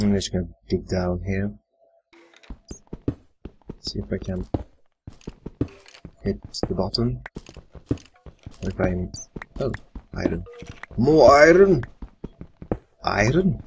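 A man's voice: fairly low pitch, takes it slowly, creaky, long pauses, background noise. A man muttering and swearing casually while commentating his own live gameplay. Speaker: gamer. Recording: faint computer fan whine.

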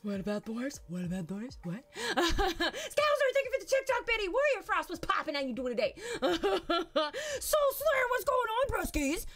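A woman streamer chatting casually and loudly on a live stream, greeting viewers with a bubbly, giggly energy. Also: very high voice, sing-song, a little slow, few pauses.

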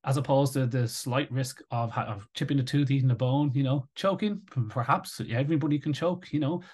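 A man giving live commentary as he reads through an article, rebutting it in an animated, sarcastic and indignant way. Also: mid-range voice, fairly quick, breathy edge. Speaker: raw-feeding advocate commentator.

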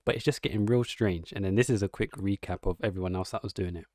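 A man's voice: deep voice, fast, darkish tone, dry recording, clean studio sound. A man giving casual, rambling reaction commentary, amused and musing aloud as the host.

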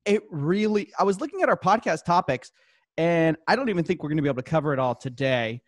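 A young man hosting a comedic podcast chat, talking fast and joking. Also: on the high side, expressive, no room sound, clean studio sound. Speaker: podcast host.

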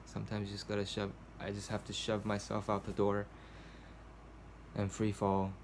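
A man's voice: on the low side, completely flat delivery, normal speed, slight background noise. A man recording a casual video journal at home, talking to the camera in a rambling, hesitant way, full of fillers and restarts. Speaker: vlogger. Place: cold home indoors.

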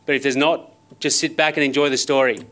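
A man's voice: medium pitch, steady tone, a little fast, sharp tone. An Australian man in his thirties giving a conference keynote, telling personal stories with wry, self-deprecating humour in a conversational way. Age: 30s. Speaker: motivational speaker. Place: conference stage.

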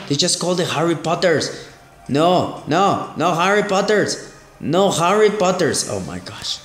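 A man gives excitable play-by-play of a mobile game, his slightly high voice swinging widely as he exclaims and repeats himself. The room rings with echo, and faint game music plays behind him. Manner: exclamatory, repeats phrases, frequent "oh my gosh". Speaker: gaming channel host.

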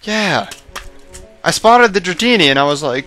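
A young man rambling casually over his gameplay footage, self-mocking and prone to excited outbursts, his voice tiring late at night. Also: sits high, normal speed, faint music behind. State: voice going hoarse late at night. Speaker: let's play host.

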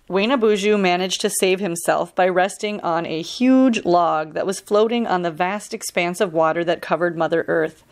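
A woman, a park ranger, reading a storybook aloud for children in a calm, steady and clear way. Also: fairly low pitch.

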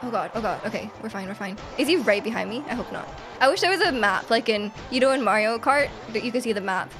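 A woman streaming a video game live, excitable and quick to laugh, reacting to her play and reading chat aloud. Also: on the high side, over music.

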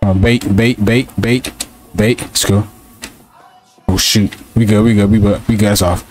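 A man's voice: on the low side, fairly even intonation, unhurried, darkish tone. A young man giving live commentary over his own video game, frustrated and repeating himself as he talks to his players and his viewers. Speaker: gaming streamer.

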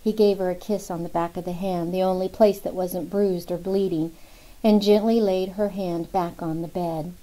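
A woman narrating a novel in a steady, even storytelling manner. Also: lowish voice, moderate pace, rough recording. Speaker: audiobook narrator. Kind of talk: scripted narration.

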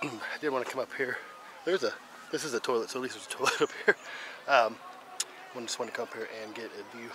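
This travel vlogger speaks fast at a medium pitch, his American Midwest accent coming through as he meanders, trips over fillers, and corrects himself. He's worn out and breathing hard from walking uphill through town and onto a hilltop, with traffic noise in the background.

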